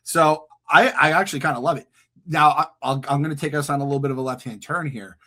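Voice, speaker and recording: Man, fairly high-pitched, casual podcast recap, jokey, swears a lot, animated. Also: quick pace. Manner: swears freely, jokey asides. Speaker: podcast co-host. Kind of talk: casual pop-culture recap chat.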